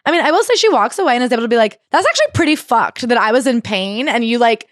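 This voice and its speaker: Woman podcast co-host, quick chatty talk, dry room. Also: fairly high pitch, lively intonation, a bit bright, no room sound. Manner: chatty, acts out quotes with swearing. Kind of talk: casual chat recapping a memoir.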